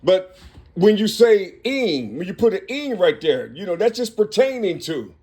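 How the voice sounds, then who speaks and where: A man recording himself in a rambling monologue, working through numbers and letters aloud with halting restarts and asking "you see?" again and again. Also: high-pitched, sing-song, darkish tone. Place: Cincinnati, Ohio.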